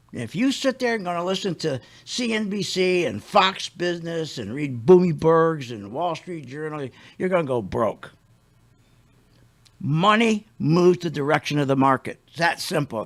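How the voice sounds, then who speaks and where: An older male radio host with a high-pitched voice rants bluntly and indignantly. He rambles from point to point in a loose, conversational way. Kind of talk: ranting radio talk.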